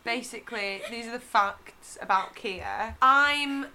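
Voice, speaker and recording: Giggly bright-voiced young woman. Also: on the high side, slow, a little hiss or hum. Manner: giggly, crude and teasing. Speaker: podcast co-host. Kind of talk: casual chat among friends.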